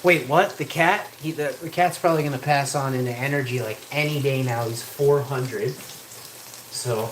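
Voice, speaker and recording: A man's voice: medium pitch, moderate pace, recorded from a distance, slight background noise. Rambling, profane streamer man. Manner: rambling, crude, heavy swearing. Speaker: live streamer. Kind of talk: casual rambling stream chat. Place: home kitchen while cooking. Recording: echoey room with loud frying sizzle. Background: frying food sizzling.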